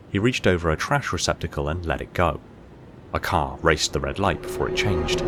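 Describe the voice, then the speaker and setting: A man narrating an audiobook short story in a steady, measured storytelling manner. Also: extremely low pitch, a little hiss or hum.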